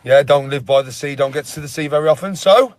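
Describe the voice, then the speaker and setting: A man's voice: on the high side, fast. A man in his forties vlogging outdoors on a windy seafront, talking in a goofy sing-song way in daft put-on accents. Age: 40s. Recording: heavy wind noise on mic.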